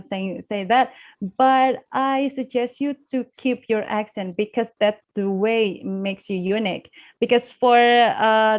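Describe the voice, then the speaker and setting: A woman's voice: fairly high pitch, a little mellow. A young woman with an Indonesian accent, a guest speaker in a live online class, talking with many fillers and restarts.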